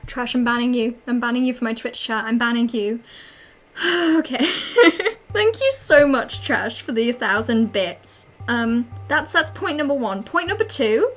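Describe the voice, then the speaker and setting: A young adult woman giving excitable, dramatic let's play commentary as a streamer, swearing often. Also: on the high side, measured pace.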